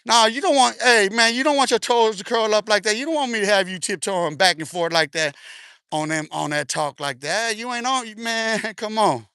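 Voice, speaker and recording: A man talks to his livestream while walking outdoors, audibly short of breath from the exercise. His voice sits high and sounds sharp and bright, with a dry, close sound. He teases and needles viewers in loose slang, breaking into laughter again and again. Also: moderate pace, smooth, no echo. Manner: taunting, slangy, laughs often. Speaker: livestream host. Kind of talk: casual live stream talk while walking.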